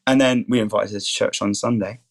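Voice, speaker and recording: A man's voice: fairly low pitch, steady tone, fairly quick, gravelly. Eager young man telling faith stories. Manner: enthusiastic, keeps saying things are awesome. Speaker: podcast guest, student and rugby player.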